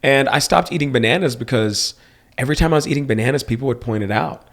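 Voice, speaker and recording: A young man from Texas spins his stories in a relaxed, chatty tone. His voice sits at an ordinary middle pitch but keeps jumping up for playful asides. He talks as a podcast co-host among friends. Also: fast talker. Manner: animated storyteller, swings into high mocking voices for quotes. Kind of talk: casual chat.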